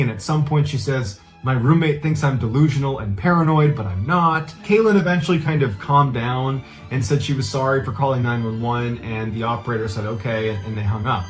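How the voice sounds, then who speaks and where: A man in the middle of his range retells a case in a relaxed, conversational manner, phrasing things loosely and earnestly. Faint music runs under his voice. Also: mid-range voice. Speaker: true crime narrator. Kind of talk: conversational storytelling.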